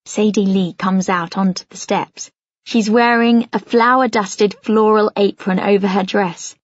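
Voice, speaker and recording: Husky woman reading a novel. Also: medium pitch, steady tone, measured pace, no echo, dull audio. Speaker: audiobook narrator. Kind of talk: first-person novel narration.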